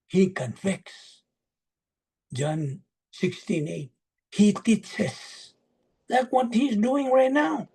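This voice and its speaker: Slow, husky Bible study teacher. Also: mid-range voice, mellow. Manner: asks and answers own questions, lists verse references. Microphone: video call.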